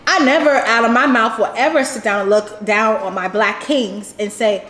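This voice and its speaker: A woman's voice: a little high, normal speed, fairly bright tone, reverberant. A woman co-hosting a home vlog, chatting casually and emphatically while eating, laughing often. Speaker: vlog co-host.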